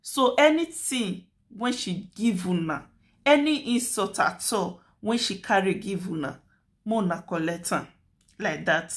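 A woman's voice: medium pitch, lively intonation, unhurried. A woman with a Nigerian accent hosting a commentary channel, talking through a dispute in a chatty, lecturing way and repeating her points. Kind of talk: casual commentary in Nigerian Pidgin.

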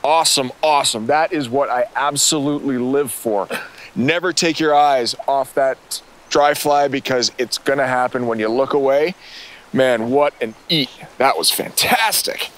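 Excited man fishing on a river. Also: medium pitch, normal speed. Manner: enthusiastic, exclamatory. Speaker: angler on a fishing show. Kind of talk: on-river fishing commentary and tips. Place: outdoors in a boat on a river.

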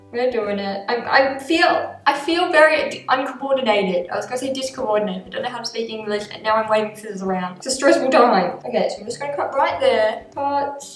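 A woman's voice: fairly high pitch, fairly bright tone. A young woman vlogging at home, talking to the camera in a nervous, rambling, self-mocking way while she cuts her own hair. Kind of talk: casual talk to camera. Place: home bathroom. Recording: echoey bathroom, mic at a distance.

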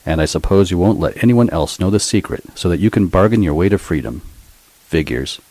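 A stern, impatient army general, as a male reader plays him, with a very deep voice. He speaks curtly and without patience. The recording is dry and close. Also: lively intonation, brisk, warm tone, no room sound, poor audio. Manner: stern, curt.

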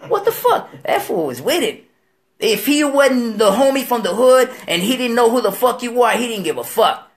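A man's voice: very high voice, expressive, normal speed. A man as a talk show guest telling a story in profane street slang, acting out the quoted voices. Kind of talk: storytelling interview.

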